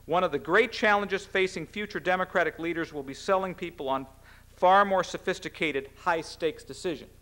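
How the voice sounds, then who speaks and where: A middle-aged American cabinet secretary delivers a formal speech. His voice sits a little high for a man, and he talks in an earnest, measured way. Now and then he stumbles and restarts a phrase. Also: a bit bright. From United States.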